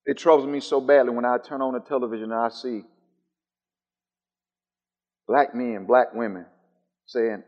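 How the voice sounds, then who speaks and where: A man preaching a sermon. He swings between soft, low musing and loud, high calls, and he repeats his phrases in a steady rhythm. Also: normal speed, pauses often, big-room sound, lo-fi sound.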